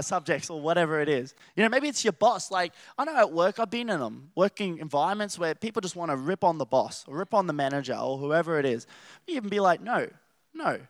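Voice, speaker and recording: A young Australian man preaching a casual sermon, rambling and animated, telling stories with laughter and restarts. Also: fairly high pitch, brisk, dry recording, clean studio sound. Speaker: youth preacher.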